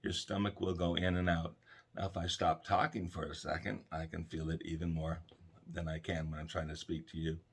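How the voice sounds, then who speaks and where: A middle-aged man, a counselor, giving a calm, conversational self-help talk about breathing. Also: deep voice, a little fast, husky.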